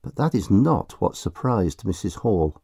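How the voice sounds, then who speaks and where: Slow, expressive male storybook narrator. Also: on the low side, vocal fry, breathy edge, no echo, studio quality.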